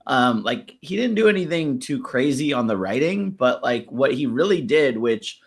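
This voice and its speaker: A man's voice: medium pitch, sing-song, normal speed. A man giving blunt, swearing feedback on a rap verse in casual review chat. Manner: blunt, swears, laughs while critiquing. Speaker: music critique panelist.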